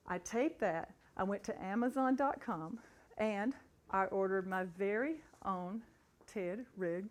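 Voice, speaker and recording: A middle-aged woman giving a motivational talk, telling her story with animated, building excitement. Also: mid-range voice. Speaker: motivational speaker.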